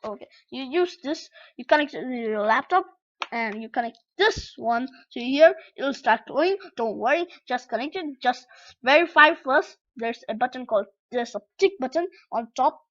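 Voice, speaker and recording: A young woman with a high voice gives a casual tutorial. She rambles and keeps correcting herself as she goes. The sound is dull and lo-fi, like a laptop mic. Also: lively intonation, normal speed, fairly bright tone. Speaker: tutorial vlogger.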